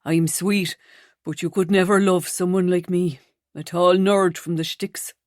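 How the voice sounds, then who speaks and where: A woman narrator voicing a shy, gentle young man who speaks softly and hesitantly. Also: on the low side, fairly even intonation, a little slow, dry recording, clean studio sound, lightly acted. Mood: shy, tender.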